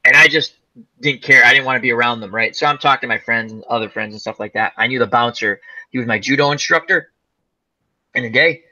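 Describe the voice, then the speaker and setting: A man's voice: medium pitch, fast, highs cut off. A man hosting a casual chat, telling a rambling funny story and acting out the people in it. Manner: animated, laughing storyteller, acts out quoted voices. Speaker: host.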